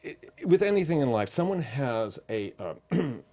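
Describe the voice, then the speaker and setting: A middle-aged man, a film composer, being interviewed and telling animated anecdotes, acting out quoted voices with lots of fillers. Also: medium pitch, moderate pace. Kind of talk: interview, casual storytelling.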